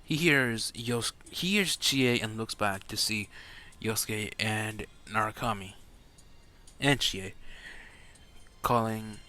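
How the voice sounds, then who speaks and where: A man's voice: on the low side, takes it slowly, bright, forceful tone. A man telling an improvised fan story in a casual, rambling way, stumbling and correcting himself.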